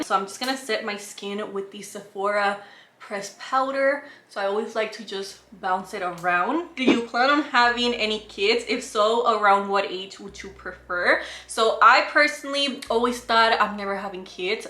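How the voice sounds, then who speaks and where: A young woman with a Spanish accent, a beauty vlogger chatting and telling stories during a get-ready-with-me Q&A, laughing easily. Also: medium pitch. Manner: animated storytelling, laughing easily. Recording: roomy echo.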